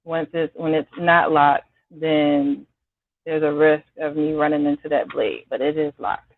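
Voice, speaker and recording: A woman's voice: sits low, steady tone, measured pace, no echo. Woman, home cook on a live stream, chatty and apologetic, scratchy throat, thin phone-like sound, dry. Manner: chatty, talks to viewers by name, apologetic. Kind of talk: casual live-stream chat while cooking. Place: home kitchen.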